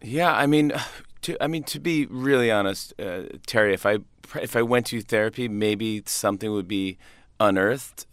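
A man's voice: on the low side, moderate pace, a bit bright, no echo, studio quality. A comedian in his thirties chatting in an interview, upbeat and rambling with many restarts and laughs. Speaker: comedian guest. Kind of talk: casual interview chat.

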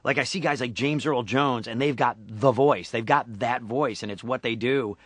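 A man's voice: mid-range voice, normal speed, no echo, clean studio sound. A middle-aged man from Syracuse, New York, chatting loosely in an interview and slipping into playful put-on voices. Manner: jokey, slips into put-on voices and impressions. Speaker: voice actor guest. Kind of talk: casual interview chat.

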